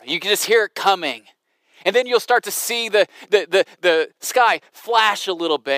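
A man's voice: sits high, moderate pace, pushed and bright, no room sound, clean studio sound. A man preaching a sermon in an emphatic, dramatic way, with frequent restarts. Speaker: pastor.

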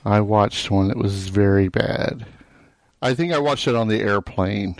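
A man chatting casually as a guest, giving calm, low-key replies. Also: unhurried, no echo. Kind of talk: casual chat.

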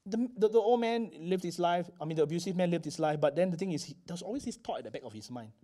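A man telling a sermon story in an animated way, often checking in with the listeners. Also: high-pitched, fast talker. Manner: animated, checks in with frequent "okay?". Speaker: preacher.

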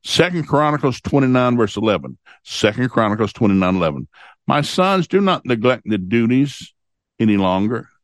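A man's voice: mid-range voice, lively intonation, moderate pace, no room sound. A man hosting a short devotional, reading scripture aloud and explaining it in a folksy, repetitive way. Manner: folksy, repeats points and reads scripture aloud. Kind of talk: casual Bible teaching.

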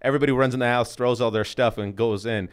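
A man's voice: mid-range voice, fairly even intonation, fast talker, clear, resonant tone. A man born in Russia, hosting an interview and chatting casually and friendly with his guest. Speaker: podcast host.

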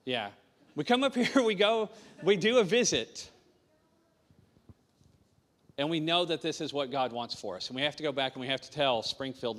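A man's voice: medium pitch, normal speed, pauses often, a bit bright, in a large hall. A man preaching to a small congregation, telling his own story in an earnest way and repeating his key points. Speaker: pastor. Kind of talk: sermon testimony.

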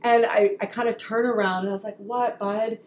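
A woman's voice: medium pitch, fairly even intonation, a little fast, a little mellow. A woman co-hosting a podcast, telling a story in casual chat and acting out the voices she quotes. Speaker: podcast co-host. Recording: roomy echo, faint ambient noise.

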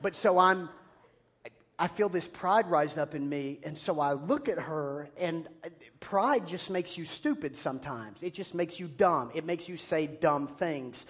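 A man preaching a sermon, telling an animated, self-deprecating story about himself. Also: on the high side, a little slow, breathy edge.

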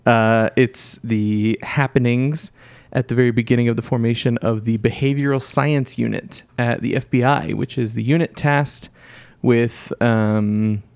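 A man chatting casually as a co-host, pausing often with fillers and correcting himself as he goes. His voice is smooth and resonant, recorded dry and close with little room sound. His pitch sits in an ordinary middle range for a man. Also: fairly even intonation, darkish tone, no room sound. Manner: halting, with many fillers and self-corrections. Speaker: podcast co-host. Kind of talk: casual chat.

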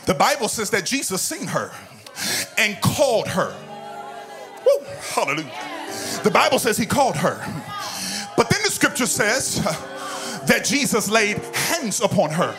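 A man's voice: sits high, very animated, a little slow, pauses often. A man preaching a sermon in a church, calling out to the congregation and building into sung, whooping phrases. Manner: call-and-response preaching, rising into sung whoops. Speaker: pastor. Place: church sanctuary with organ music behind. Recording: music playing under the voice.

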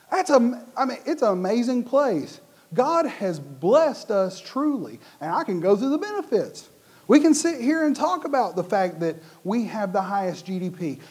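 A middle-aged man from the United States preaching a sermon in a conversational way, acting out the voices of the people in his stories. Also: very high voice. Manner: animated, acts out quoted voices. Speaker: pastor.

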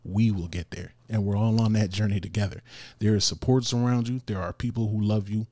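Podcast host, male, lower register, earnest encouraging monologue, slangy and quick to laugh, dry close-mic sound. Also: level tone, mellow, no echo. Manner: casual slang.

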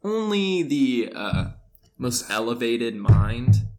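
A man's voice: medium pitch, big pitch swings, slow, a little mellow, faint music behind. A man co-hosting a podcast, teasing his partner in a dry, mock-confident casual chat. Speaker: podcast co-host.

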